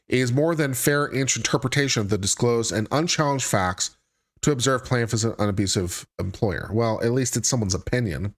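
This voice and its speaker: A man hosting a live stream reads a court filing aloud at a brisk clip. He keeps stopping to toss in wry, sarcastic remarks. His voice sits in an ordinary middle pitch. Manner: reads legal text aloud then breaks off into sarcastic asides. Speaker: legal commentary host.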